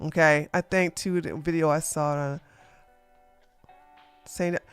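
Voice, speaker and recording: A live streamer giving animated drama commentary, laughing and talking back to the chat. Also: mid-range voice, unhurried, long pauses, clean tone, dry recording, clean studio sound, faint music behind.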